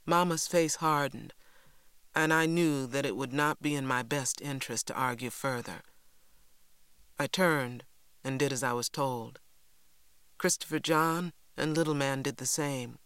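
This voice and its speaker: Lady narrating a novel, even steady read, super dry close mic. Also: rumbling low, clear, resonant tone, no echo. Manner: steady, measured storytelling. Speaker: audiobook narrator. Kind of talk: scripted narration.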